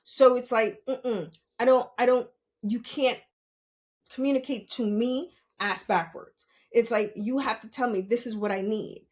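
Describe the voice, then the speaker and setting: A woman's voice: on the high side, a little slow. A middle-aged woman hosting a podcast, giving blunt, profane advice in a casual monologue, laughing often and asking rhetorical questions. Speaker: podcast host.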